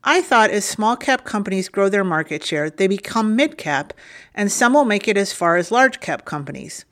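A woman's voice: mid-range voice, fairly bright tone. Woman reading a listener's email aloud.

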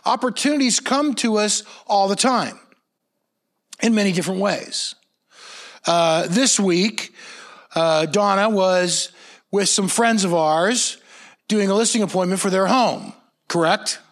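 A pastor delivers a conversational sermon. He sounds earnest, and his voice sits a touch high for a man. He tells stories plainly, often restarting a phrase or repeating a word before going on. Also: measured pace, pauses often, a bit bright. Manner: earnest, storytelling, frequent restarts and repeated words.

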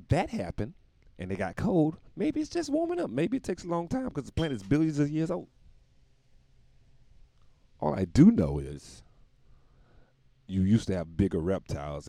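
Male comic host, lower voice that swings widely, dry close sound. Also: sing-song, moderate pace, pauses often, dark tone, no room sound. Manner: rambling, laughs at own jokes, swears constantly. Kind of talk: profane comic monologue.

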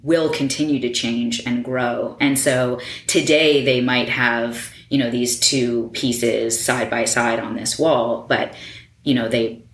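Very low-voiced chatty woman, roomy sound. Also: fairly even intonation, slow. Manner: chatty, many fillers like "like" and "you know"; laughs easily. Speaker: interior designer guest. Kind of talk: casual interview talk. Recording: roomy echo.

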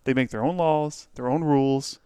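Smooth-voiced man explaining at length. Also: mid-range voice, steady tone, moderate pace, warm tone, no room sound. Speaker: podcast co-host. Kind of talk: casual chat.

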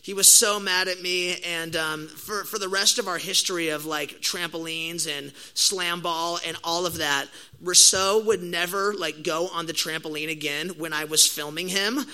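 Bright, high-voiced young man preaching. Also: normal speed, rough recording. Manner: storytelling, casual slang, animated. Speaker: pastor. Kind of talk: sermon.

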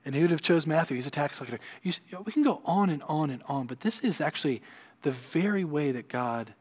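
A man preaching a sermon, building to emphatic peaks and then dropping low and quiet. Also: expressive, a little fast, slightly rough. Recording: long hall reverb.

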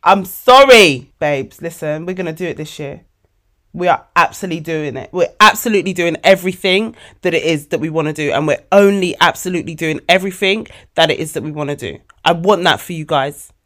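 A woman of forty, hosting a casual motivational podcast monologue, animated and emotional, calling her listeners babes. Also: low-pitched, brisk. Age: 40s. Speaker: podcast host.

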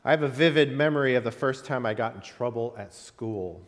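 A man's voice: medium pitch, fairly quick. A man preaching a sermon as pastor, telling stories with rising and falling emphasis. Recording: long hall reverb.

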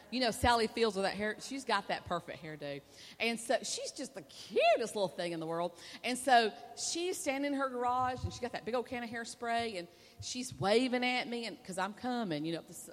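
Woman preaching in a reverberant hall. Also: on the high side. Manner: chatty, conversational, with frequent asides to the audience. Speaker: preacher's wife giving a sermon. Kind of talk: sermon with personal storytelling. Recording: long reverb of a large hall.

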